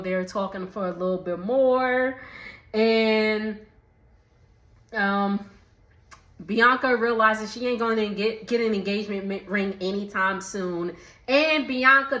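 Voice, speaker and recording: A woman's voice: a little high, fairly bright tone, reverberant. A woman giving a chatty recap of a reality show, laughing often and mimicking the people she quotes. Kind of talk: casual recap vlog.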